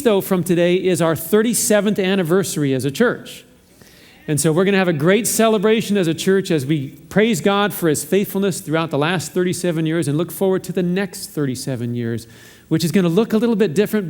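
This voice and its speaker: Host pastor, slightly high voice, upbeat and joking, long church reverb. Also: male voice, darkish tone. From Southern California. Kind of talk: church announcements and interview. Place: church sanctuary.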